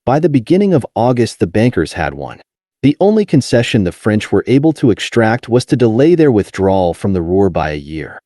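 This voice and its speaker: Low, mellow male audiobook narrator. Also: very animated, fairly quick, dry recording, clean studio sound. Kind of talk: scripted nonfiction narration.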